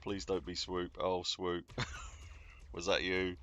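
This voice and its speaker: Deep-voiced man chatting casually. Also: monotone, takes it slowly, fairly bright tone, a little hiss or hum. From United Kingdom. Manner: rambling and chatty, greeting viewers by name. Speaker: game streamer. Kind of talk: casual live-stream chatter while gaming. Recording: dull, dry lo-fi sound.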